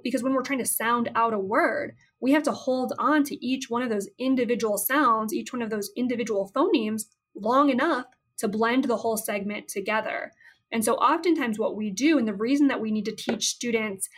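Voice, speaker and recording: Woman slp on a podcast walking thru therapy steps, kinda high voice, plays out the prompts. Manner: explains step by step, acting out therapy prompts. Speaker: speech-language pathologist. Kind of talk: podcast teaching talk.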